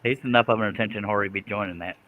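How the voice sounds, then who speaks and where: A man hosting a live stream over a video call, joking loudly with his panel. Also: fairly low pitch, steady tone, racing. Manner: joking, loud, slips into put-on accents. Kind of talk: casual banter on a live stream. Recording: dull lo-fi stream audio with faint noise.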